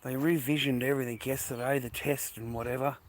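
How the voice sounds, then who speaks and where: At a quick pace and with little pitch movement, a middle-aged Australian vlogger speaks in a mid-range voice as he walks outdoors to a bus stop early in the morning. Sounding tired, he rambles casually to his viewers, swears a lot, and calls them "mate" and "boys."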